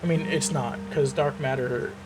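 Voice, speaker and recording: A man's voice: medium pitch, steady tone, normal speed, noisy background. A man thinking aloud as he plays a game, musing and asking himself questions between fillers. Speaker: let's play host. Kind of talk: casual gameplay commentary.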